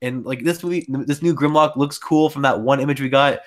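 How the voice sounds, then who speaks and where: A man's voice: medium pitch, fairly quick. Young male co-host, casual and rambly, playful. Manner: playful, rambling, many restarts. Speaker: podcast co-host. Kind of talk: casual chat.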